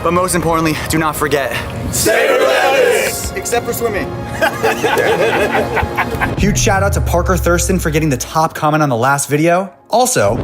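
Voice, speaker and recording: An energetic young man with a fairly high voice that swings widely in pitch. He talks over steady background music, lively and exclaiming. Each run of words sounds pumped up. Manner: energetic, exclaiming, swears when in pain. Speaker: vlogger. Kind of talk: fitness challenge vlog with voice-over.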